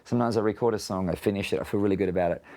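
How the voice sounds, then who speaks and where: An Australian man with a very low-pitched voice talks things through in a relaxed interview. He is reflective and works his way through ideas using long analogies. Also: racing. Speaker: interviewed musician. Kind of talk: casual interview.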